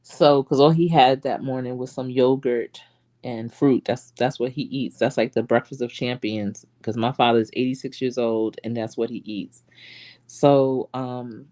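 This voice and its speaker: A woman's voice: extremely low pitch, steady tone, normal speed, dark tone. A middle-aged woman coach hosting a live stream in casual chat. She is chatty and giggly, and trails off into asides.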